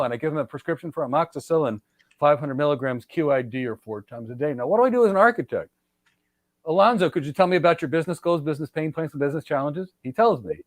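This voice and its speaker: A man's voice: on the high side, lively intonation, fast, dry recording. Emphatic middle-aged man giving advice. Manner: emphatic, repetitive, lecturing with direct address. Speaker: podcast host and cloud architecture mentor. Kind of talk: energetic advice talk.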